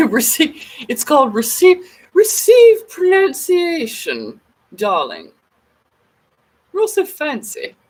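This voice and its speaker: A woman's voice: high voice, huge pitch swings, takes it slowly, darkish tone, voice pushed up, heavily acted. A woman putting on a posh upper-class English lady in an affected received-pronunciation accent, plummy and theatrical. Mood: grand. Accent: affected British received pronunciation.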